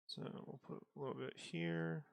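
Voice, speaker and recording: A man artist quietly thinking aloud while painting, casual and relaxed. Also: a little high, moderate pace, creaky, no echo.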